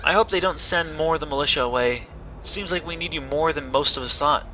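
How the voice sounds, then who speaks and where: A man's voice: fairly high pitch, a little fast, pushed and bright, faint music behind. A man playing a grieving old widow. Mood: sad. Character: worried old village widow, gentle and sad. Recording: slightly dull recording with faint hiss.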